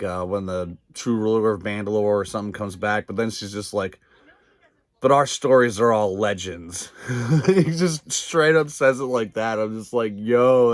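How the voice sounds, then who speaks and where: Low-voiced male reviewer, loose and profane, lots of fillers, dry close mic. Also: no room sound. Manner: rambling, profane, filler-heavy, laughs often. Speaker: video reviewer. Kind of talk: casual episode recap.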